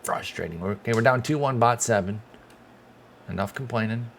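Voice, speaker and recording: A man giving casual play-by-play commentary while playing a baseball game, excitable and swearing when things go wrong. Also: medium pitch, normal speed, slight background noise. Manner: excitable, swears when frustrated, talks to himself. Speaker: gaming channel host.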